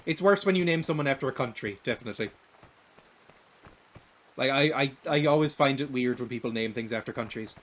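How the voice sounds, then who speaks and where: A man's voice: medium pitch, a little fast, long pauses. Chatty Irish man streaming a game. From Ireland. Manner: chatty, rambling, self-deprecating. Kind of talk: casual let's-play commentary.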